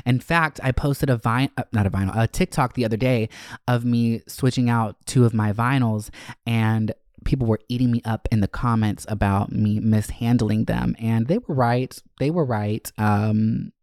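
A man hosting a casual solo podcast. He talks candidly and profanely, rambling with fillers and self-corrections, and his pitch jumps high when he gets emotional. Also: fairly even intonation, normal speed, darkish tone, smooth, dry recording, clean studio sound. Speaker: podcast host.

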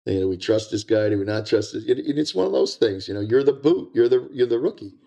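An older American man, a retired drug agent, telling animated war stories as a podcast guest, repeating words and acting out quotes. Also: mid-range voice, fast talker, gravelly.

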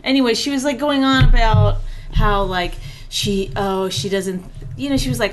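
A woman's voice: medium pitch, normal speed. A middle-aged woman co-hosting a casual podcast at home, talking bluntly and swearing freely. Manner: blunt, profane, ranting. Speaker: podcast co-host, comedian. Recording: faint background noise.

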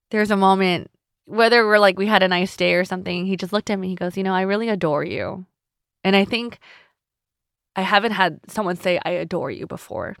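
Young woman host, candid, slightly emotional, lowish smooth voice, restarts sentences, dry close sound. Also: a bit bright, no echo. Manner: candid and tender, with frequent restarts. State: a little emotional. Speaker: podcast host. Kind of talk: personal reflective podcast talk.

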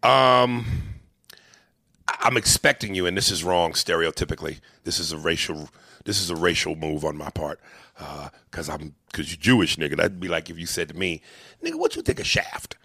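A man co-hosting a casual chat, talking animatedly and profanely and slipping into quick impressions. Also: deep voice, vocal fry, bright, forceful tone, dry recording, clean studio sound. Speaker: podcast co-host. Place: hotel room.

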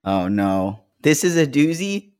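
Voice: mid-range voice, big pitch swings, unhurried, darkish tone, clean tone. A podcast co-host chatting casually, rambling with lots of "like" and acting out quoted voices. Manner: rambling, heavy use of "like", acts out quoted voices.

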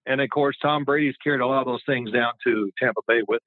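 A man's voice: mid-range voice, fairly even intonation, fast, no room sound. Older man telling stories over a tinny line. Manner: rambling, chatty, with frequent restarts. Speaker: former quarterback, guest. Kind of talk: casual storytelling interview. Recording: tinny phone-like line, dry.

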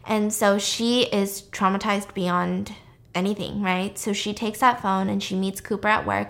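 A woman's voice: mid-range voice, steady tone, normal speed, vocal fry, a bit bright. A woman casually and animatedly retelling a film plot, talking in a chatty way with lots of fillers. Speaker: storyteller recapping a film.

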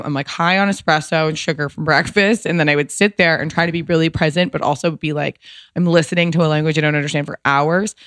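A woman's voice: on the low side, no echo, clean studio sound. A woman guest telling a personal story in a casual, emotional way, rambling with lots of fillers and restarts.

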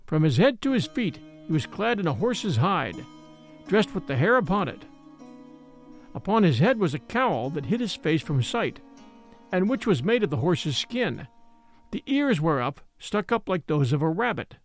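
A man narrating an old adventure tale in an expressive storytelling manner. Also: high voice, moderate pace, faint music behind.

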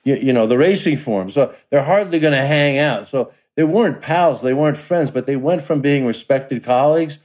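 A man's voice: mid-range voice, moderate pace, hardly any pauses, darkish tone. A man on a podcast panel giving frank, wry commentary in casual talk. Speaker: guest, son of an actor.

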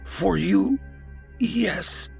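A man's voice: high voice, animated, extremely slow, creaky, darkish tone, soft background music, voice pushed up, exaggerated voice. A man voicing a frail, terrified elderly grandfather who speaks in a quivering, wheezing voice in a horror story reading. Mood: entranced. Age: older.

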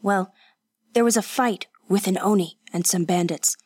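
A woman's voice: medium pitch, normal speed, a little mellow, slightly rough, no echo, studio quality, lightly acted. A woman voicing a blunt, scolding old male woodseller who lectures a young man in a storybook reading. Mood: gruff.

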